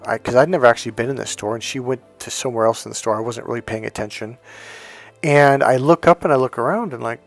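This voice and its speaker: Casting note: man with a mid-range voice, casual storytelling coach, rambling, re-enacts dialogue, faint music underneath. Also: mid-range voice. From United States. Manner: rambling, retells dialogue, swears when worked up. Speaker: dating coach.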